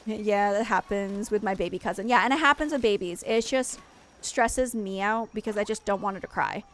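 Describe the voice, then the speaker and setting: A woman's voice: mid-range voice, normal speed, a little hiss or hum. A young adult woman hosting a game stream, talking in a loose, rambling way with lots of "like" and restarts. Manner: rambling, heavy use of "like", frequent restarts. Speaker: streamer, host. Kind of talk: casual chat while playing a game.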